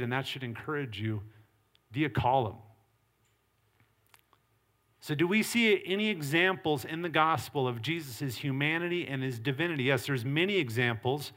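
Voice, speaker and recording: Middle-aged pastor guy preaching, earnest and punchy, kinda high voice. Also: a bit bright. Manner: earnest preaching with acted quotes and varied emphasis. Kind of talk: sermon.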